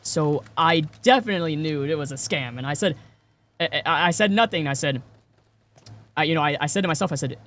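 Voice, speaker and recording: A man's voice: fairly high pitch, normal speed, fairly bright tone. Stammering, rambling male streamer. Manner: rambling, lots of stuttered repeats and fillers. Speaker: game streamer. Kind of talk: casual chat with stream viewers.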